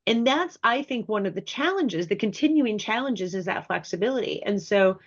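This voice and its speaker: A woman's voice: medium pitch, animated, normal speed, highs cut off. A woman speaking as a guest expert on a webinar, chatty and emphatic, sounding congested from illness. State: ill, congested. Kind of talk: webinar presentation.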